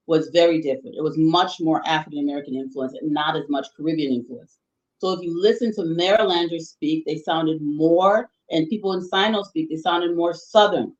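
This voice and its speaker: A woman lays out history in a long, thoughtful explanation, often restarting her sentences. Her voice sits in the middle range and carries a roomy echo, and the sound is a little dull. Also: fairly low pitch. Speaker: guest presenter on history. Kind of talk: explanatory conversation.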